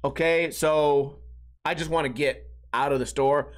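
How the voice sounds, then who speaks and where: Solo podcast host, male, voice a touch high, loose swearing storyteller who mimics the people he talks about. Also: steady tone, unhurried. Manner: rambling, profane, acts out people he quotes. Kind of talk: casual solo storytelling monologue.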